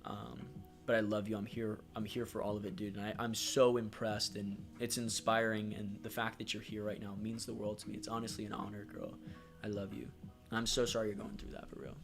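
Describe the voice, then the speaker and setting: A man's voice: fairly low pitch, fairly quick, vocal fry, soft background music. A man hosting a casual livestream, speaking affectionately and supportively with many fillers, reading viewer comments aloud. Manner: reads chat comments aloud. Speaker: livestream host.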